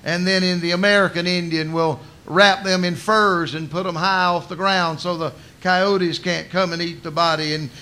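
Bright-voiced folksy male preacher. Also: sits high, steady tone, normal speed, few pauses. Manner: folksy storytelling, colloquial asides. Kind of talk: sermon.

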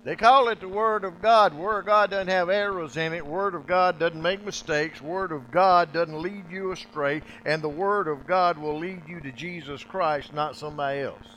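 A man preaching in a high, forceful voice, hammering his points with repetition. He drops his voice almost to a murmur, then swells back up again. The delivery is insistent and emphatic. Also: fairly even intonation, moderate pace, hardly any pauses, a little hiss or hum, rough recording. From United States. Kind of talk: sermon.

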